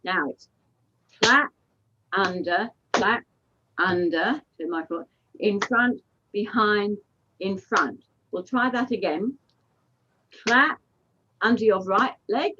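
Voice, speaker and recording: A woman facilitator guides a group over a video call, calling out each step and count in an unhurried, deliberate way. The audio is dull and lo-fi, like a typical online meeting. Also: mid-range voice, noisy background. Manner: counts and calls out steps to lead a group. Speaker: workshop facilitator. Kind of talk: leading a group movement exercise.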